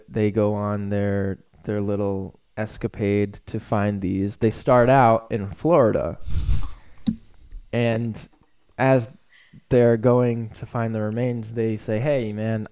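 A man's voice: lowish voice, dark tone, smooth. A man hosting a podcast, improvising a silly story with friends and laughing along. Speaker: podcast host.

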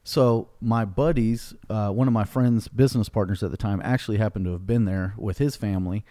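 A middle-aged man with a mellow, warm voice tells a story in a blunt, profane, animated way. His voice sounds dry and close to a studio podcast mic. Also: fairly low pitch, brisk, no echo. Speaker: podcast host. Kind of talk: casual storytelling.

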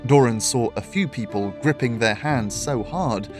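A man reading a fantasy story aloud in steady, measured scripted narration. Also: medium pitch, music in the background.

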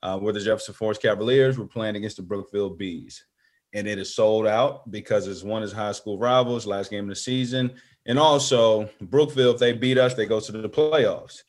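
Middle-aged male guest, lower voice, animated storyteller who does voices for the people in his tale. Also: normal speed. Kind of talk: storytelling interview.

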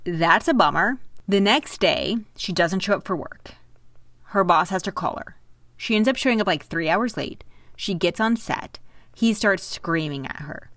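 A young woman co-hosts a casual chat, telling a story with lively energy and an easy, profane edge. Her voice sits at a middle pitch and sounds dry and close-miked, with no room around it. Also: moderate pace, no echo. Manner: animated storytelling, swearing, quoting voices. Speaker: podcast co-host, storyteller.

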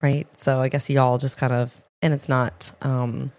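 Woman, low-pitched, casual podcast co-host, emphatic, runs through lists. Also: flat delivery, measured pace, a little mellow. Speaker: podcast co-host, health coach.

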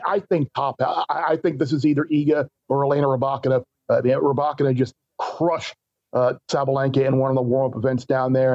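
A man's voice: mid-range voice, darkish tone. A man calls in as a guest on a betting talk show, speaking in a stop-start way and doubling back on his words. His voice comes through a dull, muffled line with a dry, close sound and no room echo. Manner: stop-start, repeats words while thinking. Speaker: guest sports bettor.

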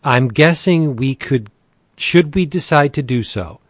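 A man's voice: a little high, animated, measured pace, dry recording, studio quality. A man hosting a comics podcast with playful, showy banter. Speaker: podcast host. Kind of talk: casual chat.

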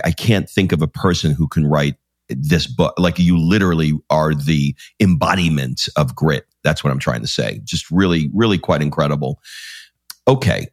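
A man with a very low voice hosts a relaxed interview, recorded dry and close. He talks loosely, curses casually and voices imagined thoughts as he asks his questions. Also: dry recording. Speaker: podcast host.

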